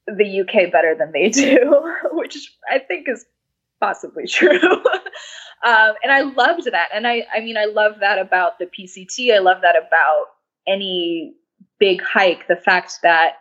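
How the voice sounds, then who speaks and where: A young woman from New York City, a hoarse-voiced interview guest talking in a rambling way. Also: mid-range voice, a little slow, fairly bright tone. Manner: rambling, frequent restarts and laughs. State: losing her voice. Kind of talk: casual interview conversation. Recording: dull lo-fi audio.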